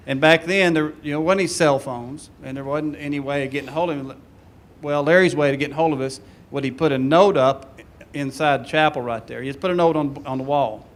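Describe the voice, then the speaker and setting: Man, slightly high voice, lively storytelling, laughs as he goes. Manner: animated anecdote-telling, laughing at his own story. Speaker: former player telling a team story. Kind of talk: storytelling at a reunion panel.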